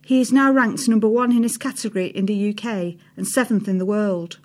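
A woman narrating a feature article in a steady read-aloud style, dropping her voice on the speech tags. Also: mid-range voice, a little fast. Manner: reads quotes with a lift, drops for speech tags. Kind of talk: scripted narration reading quotes aloud.

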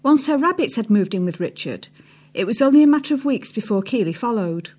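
A woman narrating a feature article in a steady read-aloud style, dropping her voice on the speech tags. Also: a little high, a little fast, breathy edge. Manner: reads quotes with a lift, drops for speech tags. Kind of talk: scripted narration reading quotes aloud.

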